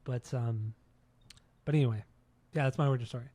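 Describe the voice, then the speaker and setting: A man's voice: mid-range voice, fairly quick, dark tone, no echo. A man in his thirties hosting a casual podcast, rambling and swearing with lots of restarts. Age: 30s. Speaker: podcast host.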